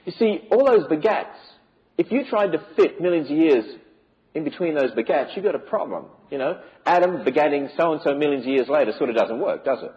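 Emphatic preaching man, lively pitch. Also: a little fast, dull audio. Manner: emphatic, full of rhetorical questions. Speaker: speaker on biblical creation. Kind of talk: preaching lecture to a church audience.

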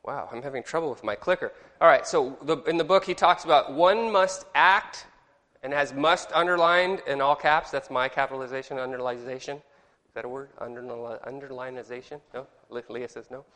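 A man's voice: medium pitch, a little fast, a bit bright. A man teaching a Sunday school class, chatty and joking, asking the group questions. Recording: long reverb in a hall.

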